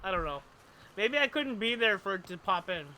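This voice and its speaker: A man's voice: high-pitched, lively intonation, brisk, pushed and bright, a little hiss or hum. A man chatting casually to his audience while playing a game live, wandering off into long, rambling explanations. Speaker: streamer. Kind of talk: casual live gameplay commentary.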